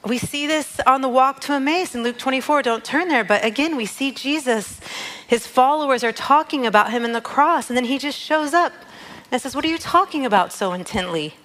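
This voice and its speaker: A woman's voice: high-pitched, normal speed, a bit bright, rough recording. Heartfelt woman sharing a devotional. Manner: heartfelt, conversational, reads scripture aloud. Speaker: worship leader sharing a devotional. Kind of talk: devotional teaching.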